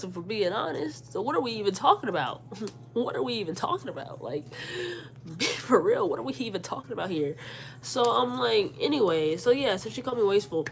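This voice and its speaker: Animated young woman ranting. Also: mid-range voice, brisk, gravelly, a little hiss or hum. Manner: animated, incredulous, argumentative. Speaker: vlogger. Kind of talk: casual storytime rant.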